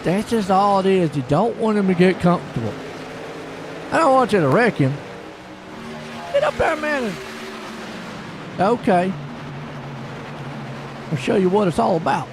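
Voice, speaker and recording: A high, lively male voice calls a virtual stock car race in a folksy, excitable way. Engine noise runs under his words, and he swings between chatty asides and sudden bursts of surprise. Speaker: sim racing commentator. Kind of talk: live race commentary. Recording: noisy stream with car engine sound.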